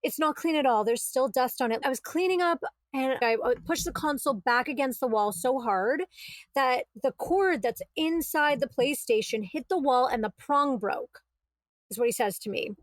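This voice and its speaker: Woman with a high voice telling her story, animated, dry close mic. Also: normal speed, no room sound. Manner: animated, quotes herself and others, exasperated retelling. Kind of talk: casual storytelling.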